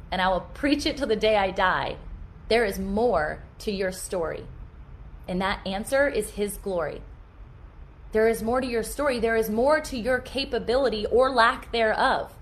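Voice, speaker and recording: A woman's voice: a little high, a bit bright. A middle-aged American woman hosting a faith-based podcast, telling a personal story in an earnest, preachy way. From United States. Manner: earnest, preachy, rushes through asides. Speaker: podcast host.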